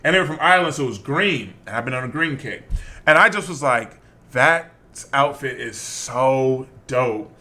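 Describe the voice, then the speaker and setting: A man's voice: on the high side, fairly quick. A man co-hosting a podcast, telling stories in casual chat with frequent laughs and restarts. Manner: animated, laughing storyteller with many restarts. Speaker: podcast co-host.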